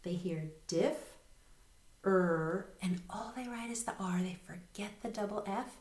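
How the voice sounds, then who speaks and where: A woman's voice: medium pitch, darkish tone. Patient woman teacher in a roomy echo. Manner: patient, spells words slowly letter by letter. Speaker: reading intervention teacher. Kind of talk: recorded video lesson.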